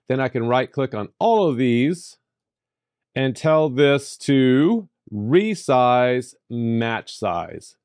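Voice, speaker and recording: A man talks through a software tutorial in a voice-over. He is emphatic and playful, and his voice leaps up in pitch when he stresses a point. His voice sits in the middle range, recorded close and dry with no room sound. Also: dry recording. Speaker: tutorial host.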